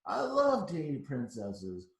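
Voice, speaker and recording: A greedy, show-off dragon from a picture book, put on by a man reading aloud, who bellows his lines with loud pride. The voice sits a little high for a beast and rings around a roomy space. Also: wildly swooping pitch, slow pace, gravelly, exaggerated voice. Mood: boastful. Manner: loud, showy storybook reading voice. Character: boastful greedy male dragon.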